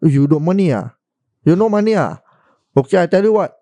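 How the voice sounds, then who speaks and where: A man puts on a sleazy Singaporean hawker chef, coaxing and smarmy, his broken English raised a little above his own voice. The tone is dark and mellow, and it sits dry and close to the mic. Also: high voice, big pitch swings, fairly quick, dry recording. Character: sleazy male hawker chef luring a customer.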